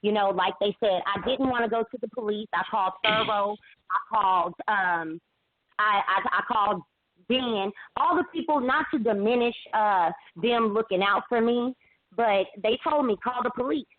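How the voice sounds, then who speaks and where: A woman calling in to a talk show, telling her account haltingly with many restarts and fillers. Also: medium pitch. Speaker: caller. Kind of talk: emotional call-in account. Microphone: phone. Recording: tinny phone line.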